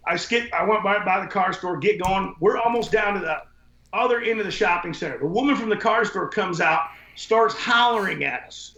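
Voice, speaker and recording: A podcast guest who owns a window cleaning business tells casual stories in a high-pitched, bright, forceful voice. He rambles bluntly and profanely from one point to another, and the sound is lo-fi, dull, and echoey.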